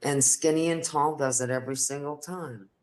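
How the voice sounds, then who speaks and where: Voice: mid-range voice, moderate pace. A co-host in a casual livestream chat, agreeing in easygoing banter.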